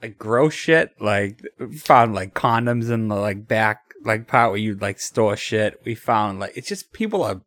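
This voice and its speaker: A man's voice: lowish voice, animated, measured pace, hardly any pauses, fairly bright tone, dry recording, clean studio sound. A man from Boston co-hosting a podcast, chatting casually with crude wisecracks. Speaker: podcast co-host.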